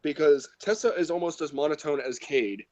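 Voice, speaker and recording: A man's voice: on the high side, normal speed, a little mellow. Guy ranting about movie characters, blunt and sweary, kinda muffled lo-fi audio. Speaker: podcast co-host. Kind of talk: casual movie review chat.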